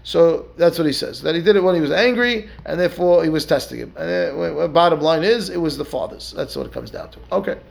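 Male rabbi teaching Talmud, with a raised pitch and a gravelly edge. He reads the text aloud, then unpacks it in a conversational question-and-answer way. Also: fast talker, few pauses. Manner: explains step by step, asks and answers rhetorical questions; keeps checking in with "right?". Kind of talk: Talmud study lesson.

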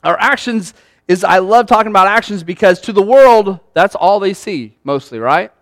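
Male pastor, high voice, dry close sound; conversational, animated sermon delivery. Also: moderate pace, no echo. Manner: conversational, animated, acts out quoted lines.

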